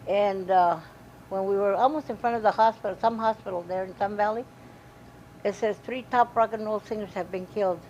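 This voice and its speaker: Animated woman telling a family story. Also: medium pitch, a little fast. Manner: animated storytelling, quoting dialogue. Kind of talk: documentary interview recollection. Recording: dull lo-fi recording with faint hiss.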